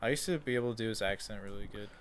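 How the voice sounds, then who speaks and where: A man's voice: fairly low pitch, racing, clear, resonant tone. A man in a casual group chat who rambles, restarts his sentences and swears freely.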